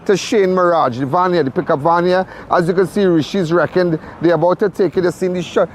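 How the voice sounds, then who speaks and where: Impassioned high-voiced man. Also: steady tone, fairly quick, a little hiss or hum. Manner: urgent, repetitive, impassioned. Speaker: crime show host. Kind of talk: live on-scene commentary.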